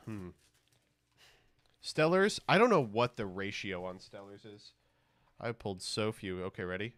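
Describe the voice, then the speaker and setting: A man's voice: fairly low pitch, lively intonation, a little slow, pauses often, a bit bright, no echo. A man live-streaming as he opens trading cards, rambling and joking crudely with his chat.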